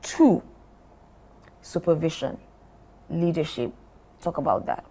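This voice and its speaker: A middle-aged woman from Nigeria, a former company chief, speaking deliberately as a guest in a podcast interview. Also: deep voice, lively intonation, dark tone, slightly rough. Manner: measured, deliberate, role-plays what she would say.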